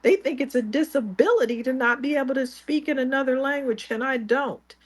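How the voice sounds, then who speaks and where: A woman's voice: sits high, fairly quick. A woman co-hosting a talk show, speaking emphatically in firm, repeated declarations. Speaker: co-host. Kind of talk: impassioned talk-show discussion.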